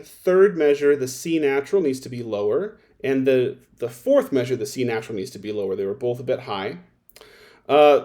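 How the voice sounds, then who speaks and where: A man's voice: mid-range voice, dark tone. A man giving methodical spoken feedback on a violin performance, sometimes singing phrases to show them. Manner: methodical, directive, sings phrases to demonstrate. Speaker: violin teacher. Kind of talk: recorded lesson feedback.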